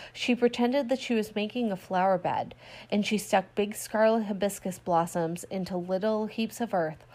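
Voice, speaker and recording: A woman narrating a classic story aloud in a steady storytelling read, voicing quoted lines lightly. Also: mid-range voice. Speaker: audiobook reader. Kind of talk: scripted narration.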